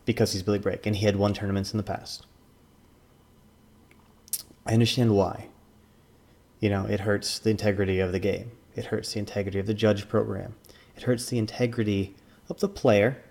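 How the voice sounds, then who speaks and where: Brief: low-voiced, gravelly man, ex-tournament judge, rambling casual commentary full of fillers. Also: level tone, moderate pace, long pauses, darkish tone. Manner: rambling, with many fillers and restarts.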